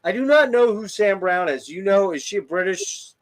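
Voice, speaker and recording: With a high voice and lively intonation, he talks at a moderate pace. He hosts an easygoing album review podcast, excitedly cursing and gushing about the music.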